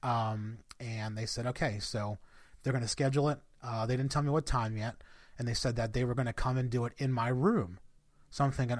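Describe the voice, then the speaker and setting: A man's voice: mid-range voice, fairly even intonation, a little fast, dry recording, studio quality. A man hosting a podcast, telling a personal story to his listeners in a loose, chatty way with plenty of fillers. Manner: conversational, addresses listeners as guys, many fillers. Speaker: podcast host.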